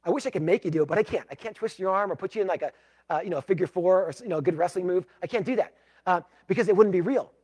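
High-voiced guy preaching a sermon, gets loud then goes real quiet and pleading. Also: very fast, breathy edge. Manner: emphatic, swinging from loud to hushed. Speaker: pastor.

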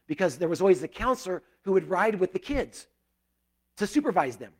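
Middle-aged male pastor, slightly high voice, earnest conversational sermon with loud bursts and hushed prayers. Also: big pitch swings, fairly quick.

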